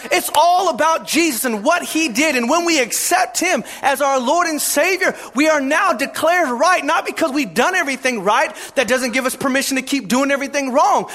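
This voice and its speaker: Impassioned high-voiced male preacher. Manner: impassioned, often shouting for emphasis. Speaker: pastor. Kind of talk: sermon.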